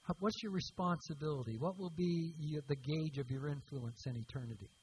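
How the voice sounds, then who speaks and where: A man's voice: fairly high pitch, brisk, a little hiss or hum, poor audio. Emphatic male preacher, raised tone. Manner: emphatic, repeats key words for stress. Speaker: pastor. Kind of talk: sermon.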